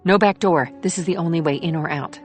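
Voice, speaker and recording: A tense female detective with a raised, urgent voice, as a male narrator puts her on. She fires questions quickly and pushes the case forward. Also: fairly high pitch, faint music behind, voice pushed up, close to an everyday voice.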